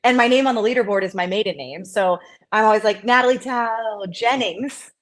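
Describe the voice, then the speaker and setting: Animated self-mocking woman athlete. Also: fast talker. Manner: animated, self-mocking, acts out quotes in a higher voice. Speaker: interview guest, CrossFit athlete. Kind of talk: casual interview chat.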